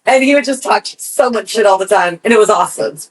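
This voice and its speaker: A woman co-hosting a podcast, telling a personal story in casual chat, animated and swearing freely. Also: medium pitch, fast, husky, poor audio. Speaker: podcast co-host.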